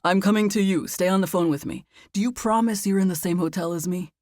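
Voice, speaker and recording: A woman reading the part of an eager young man talking on the phone, asking choppy, excited questions. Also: deep voice, moderate pace, no echo, clean studio sound.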